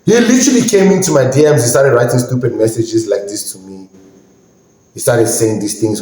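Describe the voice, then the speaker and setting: This podcast host is a man with a medium-pitched, mellow voice who speaks briskly. He delivers an indignant, emphatic rant, sometimes searching for words, and the room he's in is very echoey.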